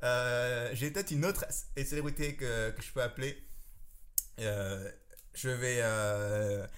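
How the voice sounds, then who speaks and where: Male podcast host, native French speaker, halting, eager, repeats himself, mid-pitched. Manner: halting, repeats words, excitable. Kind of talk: casual chat on a call.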